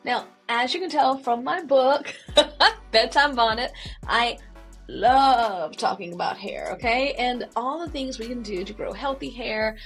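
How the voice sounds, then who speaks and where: A woman's voice: a little high, unhurried, a bit bright, faint music behind. A middle-aged woman host from Southern Virginia with a Southern accent, chatting bubbly and laughing often. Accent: Southern American. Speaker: show host. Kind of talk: lively interview chat.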